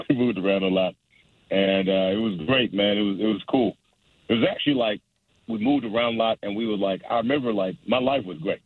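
A man's voice: fairly low pitch, a little fast, no echo. A young adult man, a stand-up comedian, chatting casually and rambling with many restarts and laughs. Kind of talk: casual phone interview. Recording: dry phone line.

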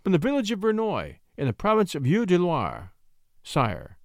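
A man's voice: sits high, huge pitch swings, moderate pace, vocal fry, a little mellow, no room sound, clean studio sound, voice pushed up, full character voice. A man doing an earnest young shepherd poet. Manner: earnest, respectful, ardent.

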